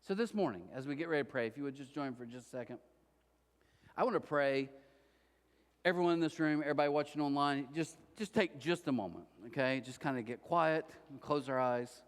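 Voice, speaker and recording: A man's voice: medium pitch, brisk, long reverb tail. A male pastor preaching a sermon, telling a story animatedly and acting out the voices of the people in it. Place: church auditorium.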